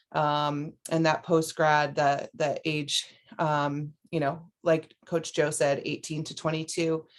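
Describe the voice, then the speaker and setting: Woman coach introducing herself. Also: deep voice. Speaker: assistant swim coach. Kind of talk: video call panel talk. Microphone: video call.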